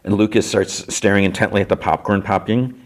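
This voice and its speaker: A male podcast host walks through a TV episode in a loose, rambling style, leaning on fillers as he goes. His voice sits very low, and his delivery is relaxed and conversational. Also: brisk. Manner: rambling, filler-heavy with lots of "like". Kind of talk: casual recap of TV episodes.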